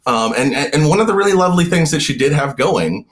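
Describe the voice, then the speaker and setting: A man, a novelist guest on a podcast, talking in casual conversation, stammering and repeating words in bursts with a lively rise and fall. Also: fast talker. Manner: animated, swinging pitch up and down.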